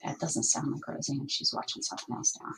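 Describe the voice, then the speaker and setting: A woman's voice: a little fast, fairly bright tone, poor audio. A woman hosting a crafting livestream, chatting casually and thinking aloud as she works. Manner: chatty, thinking aloud while working, with asides and laughs.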